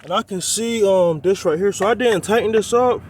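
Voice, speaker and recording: His voice sits high and moves at a moderate pace, with a little hiss or hum behind it. The young car vlogger, a bit breathless, rambles loosely to his y'all audience while working on his car by a quiet road outdoors.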